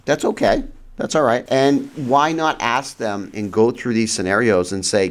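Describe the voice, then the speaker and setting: A man hosting a real estate advice show, talking casually with frequent restarts, rhetorical "right?" checks and sudden jumps in pitch for emphasis. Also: normal speed. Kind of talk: casual explanatory monologue. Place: central New York region.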